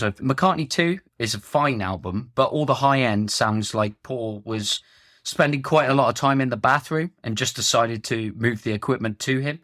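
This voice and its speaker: A man's voice: fairly low pitch, a bit bright, dry recording. A man co-hosting a music podcast, giving a long, frank and critical monologue with dry, joking asides. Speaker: podcast co-host. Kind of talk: opinionated casual chat.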